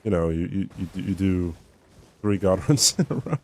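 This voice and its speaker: A man's voice: deep voice, animated, moderate pace, a little mellow, a little hiss or hum. A young man streaming a game, chatting to viewers in a rambling, self-mocking way and laughing often. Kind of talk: casual chat while gaming.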